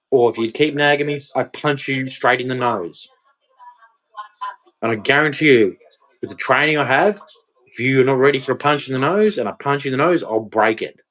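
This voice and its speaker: A man's voice: medium pitch, fairly bright tone, rough recording. An Australian man with a blunt, profane, confrontational manner, ranting in a monologue to camera. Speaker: vlogger.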